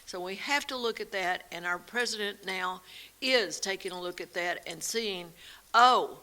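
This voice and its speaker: A woman co-hosting a faith and politics talk show, telling stories in an animated way and laughing often. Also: mid-range voice, normal speed. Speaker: co-host. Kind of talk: casual talk show chat.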